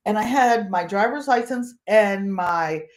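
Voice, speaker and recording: An older woman from Connecticut, host of a quilting channel, telling a funny travel story in a casual, animated way and acting out the voices of people in it. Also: mid-range voice, measured pace. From Connecticut, USA. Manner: animated, comic, acts out voices in her story.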